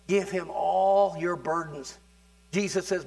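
A man preaching a sermon, talking casually with restarts and building to fervent, louder passages. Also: on the high side, measured pace, creaky. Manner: conversational, with repeated words and restarts. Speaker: pastor.

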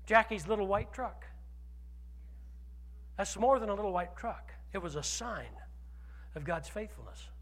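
A man preaching a sermon as pastor, telling a personal story with animated swings from loud declarations to hushed asides. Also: high-pitched, a little slow, long pauses, in a large hall.

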